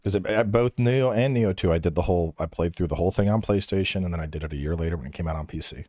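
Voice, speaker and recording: A man's voice: sits low, fast, a little mellow, no echo. Guest in a casual podcast: a man who rants bluntly and profanely, in a dry close-miked sound.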